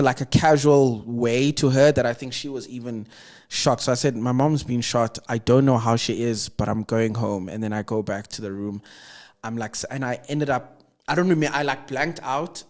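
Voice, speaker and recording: A young South African man, a podcast guest, earnestly telling a personal story in conversation. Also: medium pitch. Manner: earnest, reflective retelling with emotional weight.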